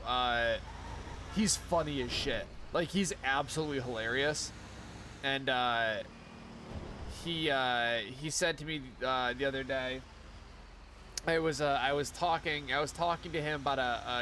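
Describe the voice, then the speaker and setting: A young man chats casually on a live game stream, rambling and swearing freely as he goes. His voice sits a little high for a man, and a faint hum of background noise runs under it. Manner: rambling, profane, laughs often.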